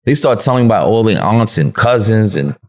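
Guest, male, New York accent, very low voice, easygoing slang storyteller who laughs a lot. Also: expressive, fairly quick. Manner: slangy and laid-back, laughs often, acts out quotes. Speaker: podcast guest. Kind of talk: casual interview storytelling.

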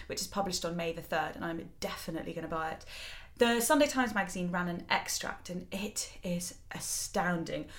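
A woman's voice: on the low side, fairly bright tone. A young woman co-hosting a casual chat podcast, earnest and emotional, recommending and reading articles. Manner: emotional, earnest, easily moved to tears. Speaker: podcast co-host.

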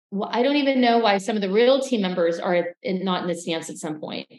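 A woman co-hosting a casual recap podcast, telling stories in a lively way and acting out what others said. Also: on the high side, brisk, few pauses, roomy sound, rough recording. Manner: animated storytelling, acting out quotes. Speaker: podcast co-host.

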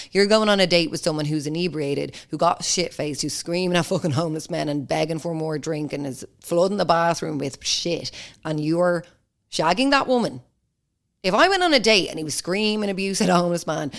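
A young woman hosting a podcast, telling a story in a blunt, sweary, animated way. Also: fairly low pitch. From Ireland. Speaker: podcast host. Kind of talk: casual monologue.

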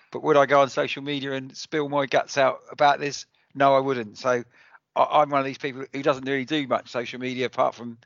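A man's voice: mid-range voice, dry recording. An Englishman co-hosting a podcast in casual chat, speaking hesitantly with many restarts. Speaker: podcast co-host. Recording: dry, dull lo-fi podcast audio.

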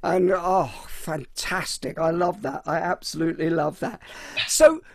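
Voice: medium pitch, creaky, a little hiss or hum. A podcast host reacting enthusiastically to a guest's story and asking the next question. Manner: enthusiastic, quick to laugh and praise. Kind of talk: interview conversation.

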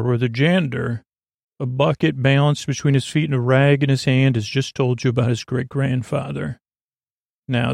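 A man telling a slow, meandering bedtime story as a podcast host, with many fillers. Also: mid-range voice, creaky, darkish tone, no room sound, studio quality. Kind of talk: improvised bedtime story narration.

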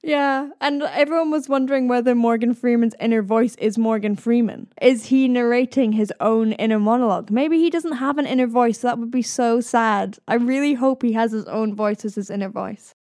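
A woman with a soft east-coast Scottish accent, a voice coach musing in casual chat, laughing easily. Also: a little high, normal speed, no echo, clean studio sound. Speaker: host, voice coach.

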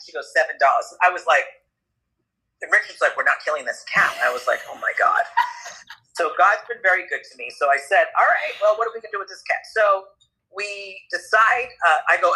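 Bright, animated man telling stories. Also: on the high side, poor audio. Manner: animated, quick comic storytelling with acted-out voices. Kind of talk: storytelling in casual chat.

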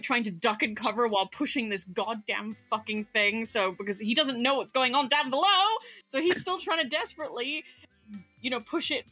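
Bright-voiced woman playing a tabletop game. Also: on the high side. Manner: animated, swearing, laughing. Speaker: player. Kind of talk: tabletop role-play chat.

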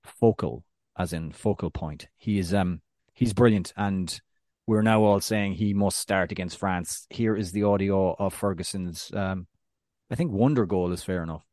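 A man's voice: low-pitched, normal speed, darkish tone, dry recording. A man from Ireland co-hosting a football podcast in casual, enthusiastic, joking chat. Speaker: podcast co-host.

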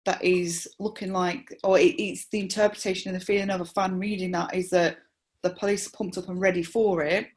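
A woman, a supporter liaison officer, explaining her views in a measured interview with frequent restarts. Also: on the low side, level tone. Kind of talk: conversational interview.

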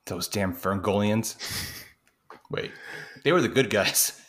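A man's voice: fairly low pitch, takes it slowly, a bit bright. A man from the US Pacific Northwest co-hosting a casual movie podcast, tossing in wry jokes and short reactions. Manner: wry, joking interjections. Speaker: podcast co-host. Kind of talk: casual movie recap chat.

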